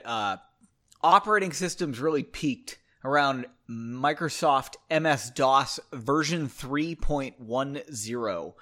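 A man hosting a casual solo podcast about his own book, ranting and joking at himself, swinging between loud outbursts and muttered asides. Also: medium pitch, lively intonation, slow.

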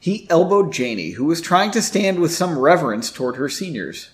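A man's voice: fairly high pitch, sing-song, moderate pace. A man reading a story aloud, breaking off for wry comments on the writing. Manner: wry, self-interrupting commentary. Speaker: reader.

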